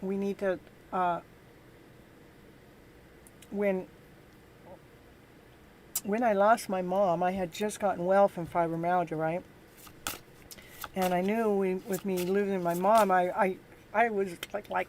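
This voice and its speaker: A woman hosting a live tarot reading, talking in a gentle, encouraging and halting way to her viewers. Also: mid-range voice. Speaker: tarot reader and show host.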